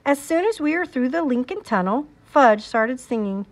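A woman reading a children's novel aloud in an expressive way. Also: high-pitched, normal speed, hardly any pauses. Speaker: reader.

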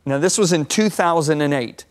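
A man in his sixties, speaking as a guest on a TV talk show. He tells stories with a sermon-like drive, his voice sitting a touch high and leaping higher when a story peaks. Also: moderate pace. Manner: lively, swings pitch up and down while telling stories.

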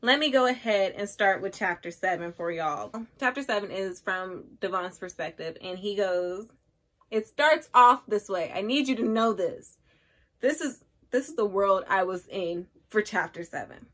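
A woman's voice: mid-range voice, lively intonation, a little slow, fairly bright tone. A woman in her twenties chatting casually and emphatically to her viewers as she reviews a book on camera. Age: 20s. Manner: emphatic, gushing, talks straight to viewers. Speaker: book vlogger.

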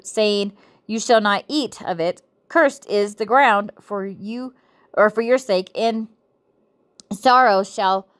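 Woman, devotional reader, slow scripture reading, stops to correct herself, playful asides. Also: mid-range voice. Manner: halting reading with frequent self-corrections.

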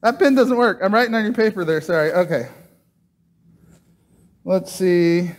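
A man's voice: high voice, animated, normal speed. A man preaching a casual sermon, chatting and joking with the congregation while doing a trick.

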